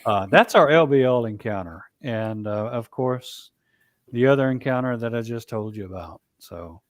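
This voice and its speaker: Male interview guest, mid-range voice, halting storyteller with constant restarts, dry recording. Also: mid-range voice, lively intonation, no room sound. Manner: halting, with frequent restarts and "you know". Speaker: guest, Bigfoot researcher.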